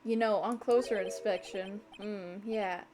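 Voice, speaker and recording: A woman's voice: mid-range voice, fairly even intonation, unhurried, background noise. A woman streamer giving casual, chatty commentary while playing a game, laughing, swearing and reading dialogue aloud.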